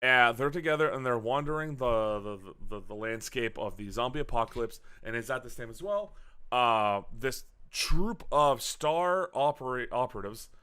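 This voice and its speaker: Animated, bright-voiced man retelling a movie. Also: mid-range voice, normal speed, clear, resonant tone. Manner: animated, profane, jokey storytelling with frequent restarts. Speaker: podcast host recapping a movie. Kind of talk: casual chat.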